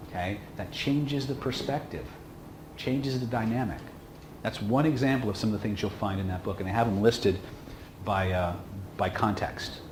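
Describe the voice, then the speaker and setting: Man lecturing, checking in with "okay?". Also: lowish voice. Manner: casual, emphatic, with frequent "okay?" checks. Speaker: instructor. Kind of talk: seminar lecture. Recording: echoey room with faint hum.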